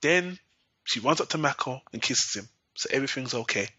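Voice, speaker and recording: Recapping an episode, this podcast host rants casually, swearing, sarcastic and fed up. He has a mid-range voice with a sharp tone, animated and brisk, captured dry and lo-fi with a dull sound and no echo.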